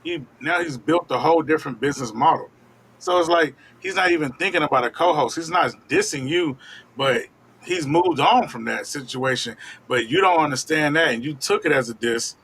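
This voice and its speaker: A man co-hosting a casual commentary show, weighing both sides in a reasoned, measured way. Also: on the high side, a bit bright, slight background noise.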